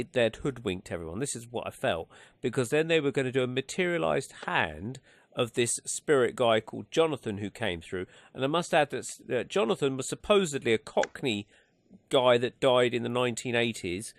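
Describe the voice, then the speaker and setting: In a radio studio, a gravelly, medium-pitched male host rambles through casual on-air chat, hesitating and restarting often. The recording has no echo.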